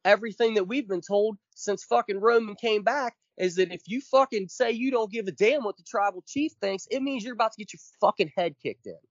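Podcast co-host, man, high-ish voice, emphatic profane rant, dull dry lo-fi sound. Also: brisk, few pauses, no echo. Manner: emphatic, profane, counts off points.

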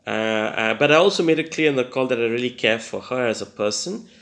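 A man's voice: mid-range voice, lively intonation, brisk, a bit bright. A young man giving an earnest personal testimony, hesitant and full of fillers and restarts, with self-deprecating laughter. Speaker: testimony speaker.

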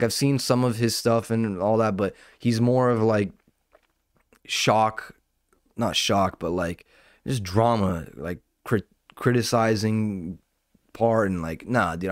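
A man's voice: fairly low pitch, dry recording, studio quality. A man, a stand-up comedian, ranting casually on his podcast in a profane, rambling way with lots of restarts.

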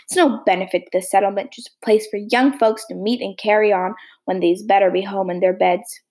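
Woman reading a sour old spinster, grim, contemptuous, gravelly, husky. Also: medium pitch, steady tone, a little fast, darkish tone, natural voice. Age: older. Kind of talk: audiobook character reading.

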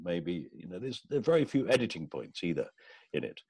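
Low, husky man telling stories. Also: very animated, brisk, mellow, no echo. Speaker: podcast guest, actor. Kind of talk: casual anecdotal chat.

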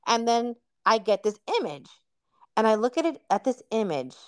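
A woman's voice: a little high, big pitch swings, normal speed, smooth, no room sound. A woman hosting a podcast, telling a personal story in a casual, candid chat. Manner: candid storytelling, calls guest "girl". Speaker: podcast host.

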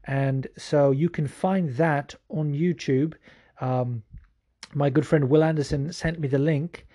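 A man's voice: on the high side, fairly even intonation, takes it slowly, warm tone. A man hosting a podcast, answering listener questions in a rambling, profane, casual way with lots of fillers. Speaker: podcast host.

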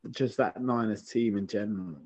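A man chatting casually about football as a podcast co-host, enthusiastic and halting, full of restarts. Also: fairly low pitch, darkish tone, slightly rough. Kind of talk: casual sports chat.

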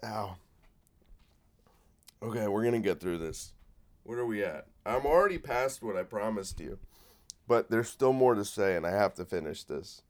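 A man's voice: lowish voice, lively intonation, normal speed, long pauses. A man hosting a solo comedy podcast while sick, rambling and swearing in a sardonic rant. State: sick with a cold. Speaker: podcast host.

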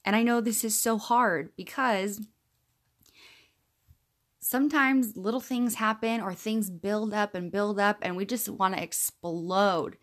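A woman's voice: mid-range voice, measured pace, fairly bright tone. A woman in her thirties hosting a self-help podcast, talking in an earnest, encouraging, chatty way with the odd laugh. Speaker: podcast host.

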